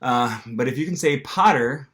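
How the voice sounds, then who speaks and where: A man's voice: mid-range voice, expressive, normal speed, a bit bright. A man with an American accent teaching pronunciation to camera in a casual manner, with frequent ums, and acting out the sounds himself. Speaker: language teacher.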